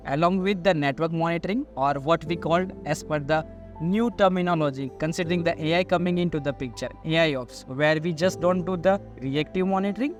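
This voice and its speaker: Answering interview questions as a sales manager, a man with a fairly high voice explains things at length. He strings lists of items together with "so" in long sentences, while soft music plays quietly underneath.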